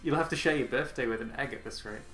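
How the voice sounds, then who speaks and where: A man running a tabletop game as game master, laughing often and talking in halting bursts with fillers. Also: medium pitch, a bit bright, soft background music.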